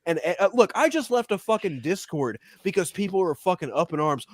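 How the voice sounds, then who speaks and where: Brief: male co-host, fired-up swearing rant, slightly high voice, close and dry. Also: sing-song, fairly quick, few pauses, dry recording. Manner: ranting, profane, mocks fans in whiny shouts. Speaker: podcast co-host. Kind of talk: heated casual chat.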